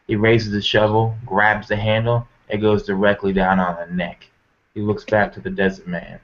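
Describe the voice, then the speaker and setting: Low-voiced man with folksy storytelling. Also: flat delivery, moderate pace. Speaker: player. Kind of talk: narrating his character's actions. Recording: muffled lo-fi recording.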